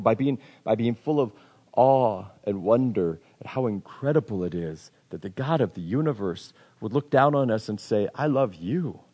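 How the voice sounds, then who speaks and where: A man's voice: fairly low pitch, mellow, long reverb tail. A man preaching a sermon in an earnest way, often repeating words as he builds emphasis. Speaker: pastor.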